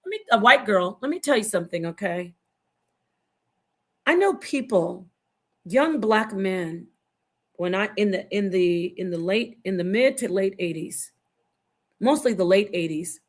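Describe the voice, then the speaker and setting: A woman's voice: medium pitch, expressive, measured pace, long pauses. A woman in her fifties from Phoenix, Arizona, speaking as a panelist in an online forum. She argues heatedly and confrontationally, swears freely, and rambles, repeating and restarting her phrases. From Phoenix, Arizona, USA. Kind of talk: heated opinion talk.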